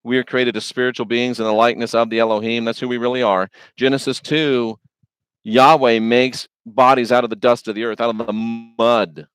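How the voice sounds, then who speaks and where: A man's voice: medium pitch, little pitch movement, moderate pace, a bit bright, clear, resonant tone, no echo. A man hosting a religious video, preaching in an informal, folksy and emphatic monologue. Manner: folksy, slangy, conversational; emphatic, repetitive.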